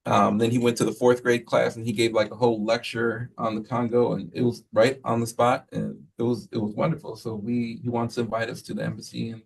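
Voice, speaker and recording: A man who leads a school, giving a relaxed, rambling report to the board, full of fillers and quoted asides. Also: medium pitch, creaky, husky, far from the mic, low-quality recording. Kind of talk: casual spoken report at a meeting.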